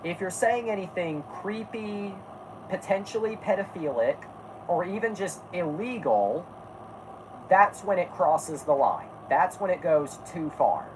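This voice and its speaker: A woman's voice: lowish voice, lively intonation, measured pace, background noise. A woman hosting a casual podcast, talking bluntly and rambling, stopping to correct herself and swearing freely. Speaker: podcast host. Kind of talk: casual chat.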